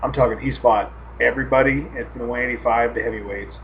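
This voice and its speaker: A podcast co-host with a mid-range voice tells rowdy fight stories at a quick pace, swearing throughout in an animated way. The casual chat is recorded in muffled lo-fi with a faint hiss.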